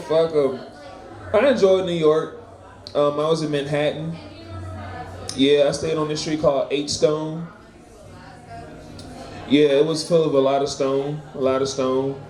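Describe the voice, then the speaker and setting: A man's voice: fairly high pitch, darkish tone. A man doing a loose, profane stand-up set at an open mic, laughing at his own jokes. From Florida. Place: bar or small venue. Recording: echoey room, crowd heard.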